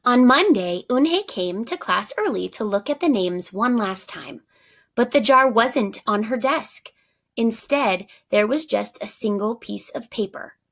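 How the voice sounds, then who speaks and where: Teacher read-aloud, woman, unhurried storybook pace, slight gravel. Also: on the high side, expressive. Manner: pauses to ask prediction questions, warm asides.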